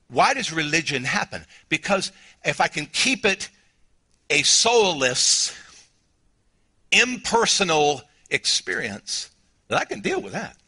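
A middle-aged man with a Southern US accent preaching a sermon as pastor, emotional, swinging from quiet, low passages to near shouting. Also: slightly rough.

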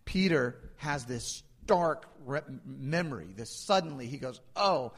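A male pastor delivering a sermon, swinging between loud emphasis and hushed asides. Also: medium pitch, lively intonation, measured pace, husky. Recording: long hall reverb.

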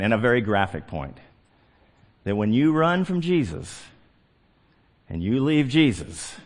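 A middle-aged male pastor delivers a sermon in a fairly high voice. His pitch rises and falls widely. He moves from hushed, slow phrases to loud, emphatic ones. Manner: animated, swings from hushed to emphatic.

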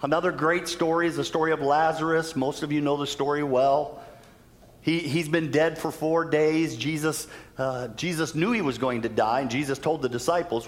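A man's voice: medium pitch, moderate pace. Man preaching a sermon in a reverberant hall. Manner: storytelling, acts out quoted voices with laughs. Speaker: pastor.

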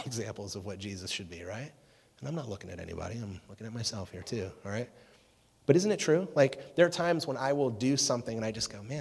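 A man preaching to a youth group, energetic and jokey, chatting with the crowd. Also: medium pitch, slightly rough. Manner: energetic, jokey, talks with the audience. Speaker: youth pastor. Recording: long reverb of a hall.

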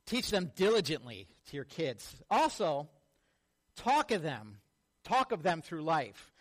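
A man with a high voice delivers a sermon from the pulpit. As a pastor, he tells lively personal stories. He acts out the people in them as he goes. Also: a little slow. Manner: animated storytelling, acts out quotes.

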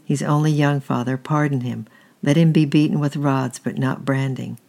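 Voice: medium pitch, steady tone, normal speed, gravelly, a little mellow, close to an everyday voice. A storyteller voicing a young son who pleads urgently with his father. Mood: pleading.

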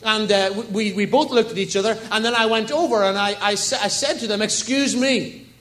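A man's voice: sits high, a little fast, fairly bright tone. A man preaching a sermon in a church service, telling stories and asking the congregation rhetorical questions. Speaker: pastor.

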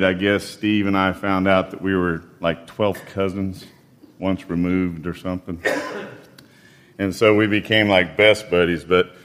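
A man in his fifties preaching a sermon, telling folksy personal stories in an unhurried way and reading scripture. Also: on the low side, a bit bright, smooth. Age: 50s.

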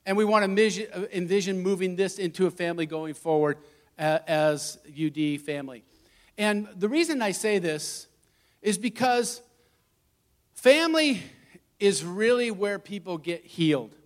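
Lead pastor, man, middle-aged; lively storytelling sermon delivery, laughs easily, higher-pitched voice. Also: normal speed. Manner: animated, laughing, acting out stories.

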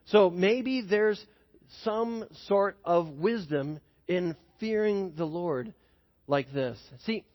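Male pastor, high husky voice, chatty sermon style, echoing church hall, dull sound. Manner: conversational, asks the congregation questions. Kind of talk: sermon with personal story.

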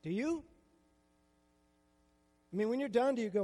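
A man's voice: very high voice, animated, normal speed, mellow, in a large hall. An older man preaching a sermon as a pastor, with a conversational style full of rhetorical questions.

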